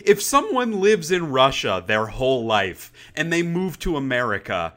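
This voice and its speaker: Young guy on a podcast, super lively pitch, bright punchy voice, rambly and swears a lot. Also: normal speed. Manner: animated, rambling, swears casually. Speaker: podcast co-host. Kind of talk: casual chat.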